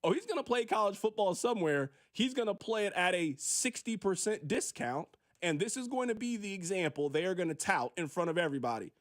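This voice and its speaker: A man with a fairly high voice holds forth on a sports radio show, recorded on a studio microphone. He talks in an emphatic, preachy way, repeating his points, and now and then acts out a quick voice to make them. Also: big pitch swings. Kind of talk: opinionated sports radio monologue.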